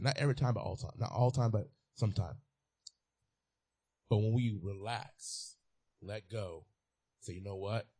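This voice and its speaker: A man's voice: lowish voice, mellow, breathy edge. A man preaching a sermon as a pastor, repeating key phrases and building to emphatic peaks.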